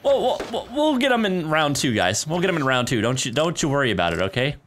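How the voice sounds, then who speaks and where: A man live-streams a shooter game from home, chatting casually with viewers, laughing a lot and calling them "dude" and "guys" into a desk mic near his keyboard. His mid-range voice swings widely in pitch, and he talks briskly with hardly any pauses in a fairly bright tone.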